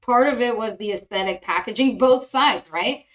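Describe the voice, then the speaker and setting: A woman's voice: fairly high pitch, normal speed, lo-fi sound. A woman hosting a podcast, telling stories in casual chat and acting out the voices she quotes. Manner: animated storytelling, acts out quoted voices. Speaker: podcast host.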